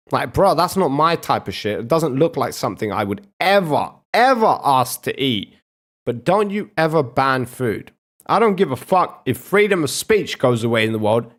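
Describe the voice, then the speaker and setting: A young man streaming and reacting to videos in casual, profane banter, joking around and trying out accents. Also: on the high side.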